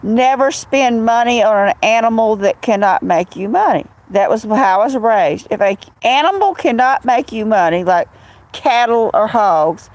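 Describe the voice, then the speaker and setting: A woman's voice: a little high, animated, moderate pace, darkish tone, low-quality recording. A woman chatting casually on a phone livestream at home, greeting viewers by name and telling stories. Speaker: livestream host.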